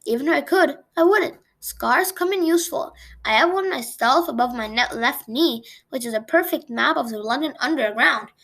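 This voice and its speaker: A woman reading as a calm old wizard. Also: high-pitched, normal speed. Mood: wry.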